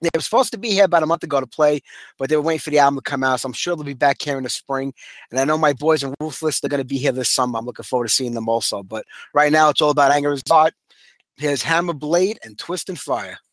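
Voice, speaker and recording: A man's voice: on the high side, fast talker, dry recording. A man with a Brooklyn accent hosting a radio show in casual, rambling chat full of fillers.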